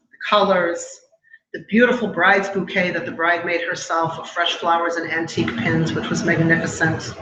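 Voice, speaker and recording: Middle-aged woman, measured emotional testimony on a dull, noisy live recording. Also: fairly low pitch. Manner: measured, emotional storytelling with pauses. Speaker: speaker at a memorial event. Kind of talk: personal testimony speech. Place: live event hall. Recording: echoey hall, dull sound, noisy.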